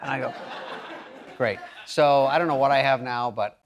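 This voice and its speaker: A male comedian telling stories on a talk show in a dry, sarcastic way, with lively quoted voices. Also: medium pitch, quick pace, dull audio, a loud crowd, heavy background noise. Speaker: guest comedian. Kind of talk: anecdotal talk-show storytelling. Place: TV studio before an audience.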